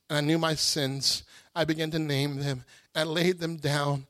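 A male preacher giving an emotional, animated sermon testimony that rises to shouts. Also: fairly high pitch, measured pace, no echo, studio quality.

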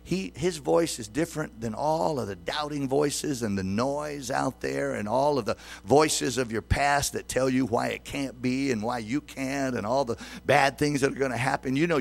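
Man in his sixties, pastor, sermon, gravelly, mid-pitched, asks the congregation questions. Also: normal speed, hardly any pauses. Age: 60s.

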